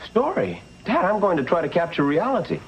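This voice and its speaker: A young actor playing an earnest, idealistic son planning a film in a 1960s sitcom. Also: male voice, high-pitched, sing-song, brisk, slight background noise. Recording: dull old TV soundtrack with music.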